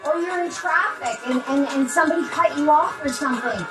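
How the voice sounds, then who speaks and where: A woman hosting a wellness session, giving a playful, rambling closing talk full of fillers and sudden mock shouts. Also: sits high, fairly quick, rough recording. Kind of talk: chatty closing talk to an audience. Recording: music playing behind.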